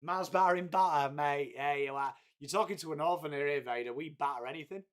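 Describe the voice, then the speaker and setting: A man's voice: on the high side, fairly quick. A man hosting a casual live stream, bantering with viewers and saying "mate" all the time. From England, Whitby. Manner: laddish banter, peppered with "mate", swears freely. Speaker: livestream host. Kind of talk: casual live watchalong chat, reading viewer messages.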